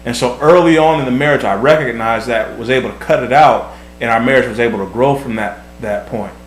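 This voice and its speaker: A man's voice: medium pitch, a little fast. Earnest man in an echoey room. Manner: earnest, repeats words while thinking. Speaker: vlog host, husband. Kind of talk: casual advice talk. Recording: echoey room, faint hum.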